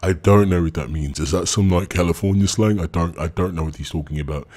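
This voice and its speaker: Streamer, male, very low voice, scornful commentary mocking messages he reads. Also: a little fast, a little mellow, breathy edge. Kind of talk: ranting commentary reading messages aloud.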